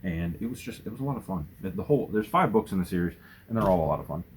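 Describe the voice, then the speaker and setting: A man talking casually and earnestly about books in a home vlog, gentle, with fillers and restarts. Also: low voice, lively intonation, fast, slight background noise. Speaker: booktuber. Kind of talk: casual book tag vlog.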